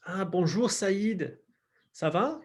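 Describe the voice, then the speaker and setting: A man's voice: high-pitched, animated, takes it slowly, darkish tone, voice pushed up, full character voice. Guy reading textbook girl's lines, friendly, plain. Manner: plain read-aloud. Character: young French woman in a textbook dialogue.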